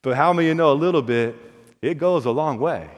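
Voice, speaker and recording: A man's voice: fairly high pitch, fast talker. A male pastor preaching a sermon in a folksy, storytelling way, often restarting and repeating words. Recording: long hall reverb.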